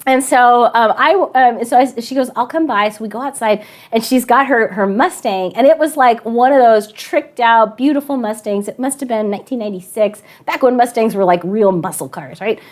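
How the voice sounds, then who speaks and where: A woman teacher telling a funny personal story to students, chatty and animated with frequent laughter. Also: on the high side, normal speed, few pauses. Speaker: math and science teacher. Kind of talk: storytelling to students in an online class.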